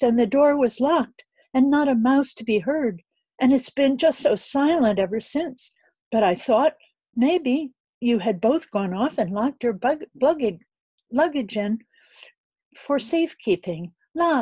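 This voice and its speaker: A woman voicing a flustered, excitable young chambermaid who squeals out her alarm in breathless exclamations. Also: sits high, slightly rough, no echo, pitched above the performer's own voice, full character voice.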